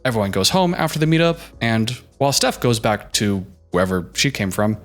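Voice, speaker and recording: A man's voice: on the low side, very animated, brisk. Male reality-TV recapper, sassy and joking, casual delivery, light music bed underneath. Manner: sassy, joking asides with mock voices. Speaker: reaction commentator.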